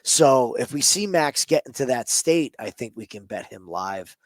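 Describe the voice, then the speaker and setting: A man in a relaxed sports-betting chat, talking through fights in an easy, chatty way. His voice is a plain middle pitch, recorded dry and close with no room sound. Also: moderate pace, no room sound. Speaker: betting podcast co-host.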